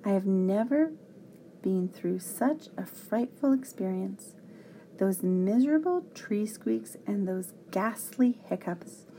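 A woman's voice: mid-range voice, expressive, slow, dark tone, slight background noise. A woman voicing a fussy, flustered male professor who hiccups and urges children on with exclamations. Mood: shaken.

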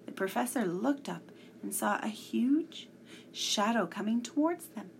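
A woman reading a children's story aloud, slow and deliberate, with small slips along the way. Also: fairly high pitch, animated, gravelly, a little hiss or hum.

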